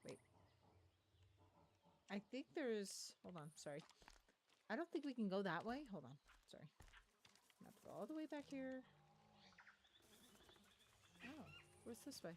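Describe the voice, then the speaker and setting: A woman giving chatty let's play commentary, thinking aloud with excitable little exclamations. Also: medium pitch, moderate pace, pauses often, a little hiss or hum. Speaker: gaming streamer.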